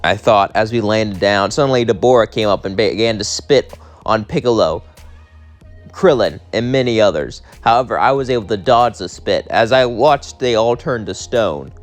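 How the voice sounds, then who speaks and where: A man's voice: lowish voice, moderate pace, faint music behind. A young man casually narrating his own fan-fiction adventure, rambling and acting out every character himself. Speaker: storyteller.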